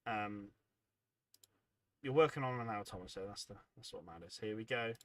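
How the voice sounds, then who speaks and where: A man's voice: on the low side, moderate pace, no room sound. A man hosting a hobby livestream, chatting casually and reading out viewer comments, rambling and self-deprecating, sounding tired and yawning. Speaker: livestream host.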